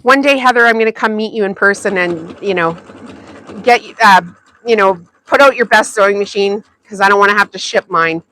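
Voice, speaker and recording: A woman's voice: medium pitch, fairly quick, pushed and bright. A woman hosting a sewing livestream, chatting casually with viewers and laughing often. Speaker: sewing channel host.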